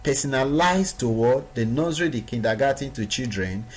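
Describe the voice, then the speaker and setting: Man, training lesson, emphatic and repetitive, medium pitch. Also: expressive, moderate pace, breathy edge. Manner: emphatic, repeats words for stress. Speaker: online business trainer.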